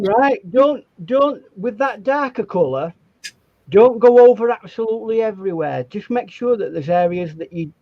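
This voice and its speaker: A man's voice: high voice, dry recording, muffled recording. A man teaching a painting demonstration over a video call, instructive and stammering as he starts sentences. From England. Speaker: art instructor.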